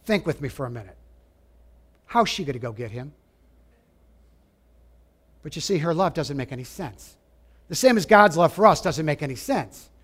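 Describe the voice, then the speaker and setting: A man preaching a sermon, emphatic, asking his listeners direct questions and dropping to a hush at times. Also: on the high side, animated, normal speed, long pauses, slightly rough. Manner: emphatic, rising and falling, drops to a hush for quoted lines; asks the audience direct questions.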